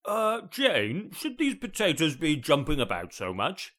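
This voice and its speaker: A man voicing a bumbling, eager middle-aged husband who talks loudly and gormlessly. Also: medium pitch, normal speed. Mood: bumbling, excited. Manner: loud, excitable and gormless.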